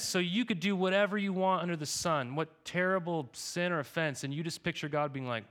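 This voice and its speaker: A young man preaching a sermon in a loose, chatty way, as though talking with friends. His voice sits a little high for a man. He keeps tagging his sentences with "right?" and "okay?". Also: fairly quick, few pauses, a bit bright. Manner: casual, conversational preaching with frequent "right?" and "okay?". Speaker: pastor.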